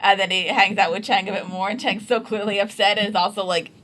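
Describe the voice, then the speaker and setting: A woman's voice: mid-range voice, fairly even intonation, fast, a bit bright. A woman co-hosting a reaction show, recapping an episode in rambling casual chat full of "like" and "kind of". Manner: rambling, hedging with fillers like "like" and "kind of".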